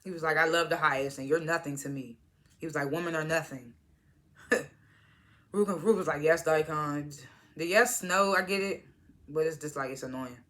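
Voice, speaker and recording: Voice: medium pitch, moderate pace, long pauses, fairly bright tone. A speaker casually recapping a TV episode, retelling scenes as quoted dialogue, swearing freely and chuckling along. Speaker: TV episode reviewer.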